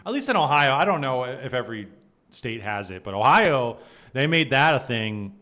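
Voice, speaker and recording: A man's voice: medium pitch, sing-song, normal speed, pushed and bright. A man commenting casually on a livestream, conversational and exasperated, laughing often. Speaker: streamer reacting to clips.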